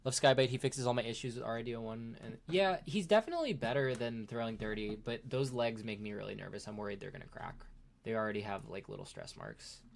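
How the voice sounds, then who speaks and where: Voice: medium pitch, very animated, quick pace, vocal fry. A livestream host chatting casually with chat while unboxing a toy, rambling and laughing often.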